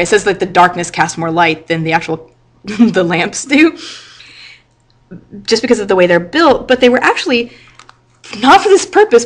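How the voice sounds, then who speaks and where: A woman who teaches high school English, explaining a novel to her class in a chatty way, with lots of "like" and "right?". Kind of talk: literature lecture with reading aloud.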